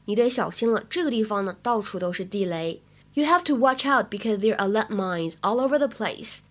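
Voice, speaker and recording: A woman's voice: medium pitch, expressive, brisk, fairly bright tone. A woman English teacher, explaining phrases to students in a chatty way, often checking in with "right?".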